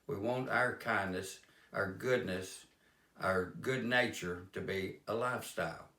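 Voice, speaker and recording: A man's voice: fairly low pitch, a little slow, bright, forceful tone. A man telling homespun stories about kindness in a plain-spoken, rambling way. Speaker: life-lessons speaker. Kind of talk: folksy storytelling monologue. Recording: roomy echo.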